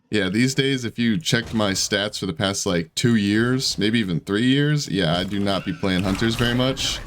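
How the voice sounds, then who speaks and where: Guy with a kinda low voice chatting thru his gameplay, thinking out loud, making fun of himself. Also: a little hiss or hum. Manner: chatty, thinks aloud, self-deprecating. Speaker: gaming YouTuber. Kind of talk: casual gameplay commentary.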